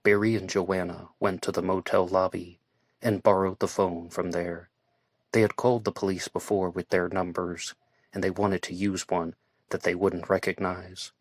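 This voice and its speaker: Deep-voiced man narrating an audiobook. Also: little pitch movement, normal speed, no echo, clean studio sound.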